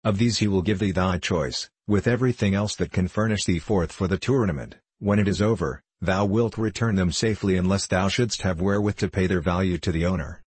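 A man voicing an anxious, pleading male merchant, earnest and hurried, in an audiobook reading. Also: low voice, a little mellow, husky, dry recording. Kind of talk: audiobook character voice.

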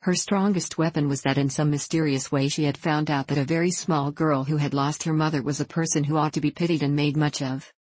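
A reader narrating a classic children's novel in a steady, measured way. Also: mid-range voice, no room sound. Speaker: audiobook reader. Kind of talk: scripted storybook narration.

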